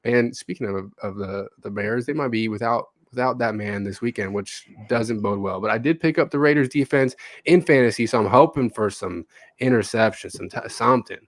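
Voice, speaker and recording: Profane, animated young male podcaster. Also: medium pitch, moderate pace, no room sound, studio quality. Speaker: podcast co-host. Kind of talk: casual sports podcast chat.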